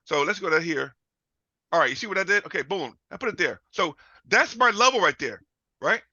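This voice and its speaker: A man teaching a live trading lesson, loud and profane, constantly firing questions at his audience. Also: high voice, no room sound. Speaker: trading instructor. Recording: dull lo-fi audio.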